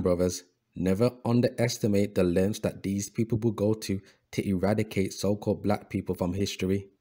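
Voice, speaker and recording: A low-voiced man narrates over images like a preacher, leaning on the word brothers and circling back on his own phrases. His tone is deep and mellow, with plenty of ums and restarts. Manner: preachy, addresses listeners as brothers; repeats words, frequent fillers and restarts. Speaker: history video host.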